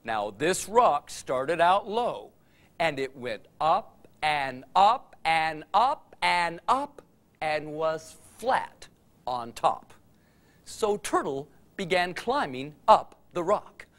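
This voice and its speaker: Animated male storyteller, slow pace. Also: on the high side. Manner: animated, laughs along with his tale. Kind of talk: storytelling for all ages.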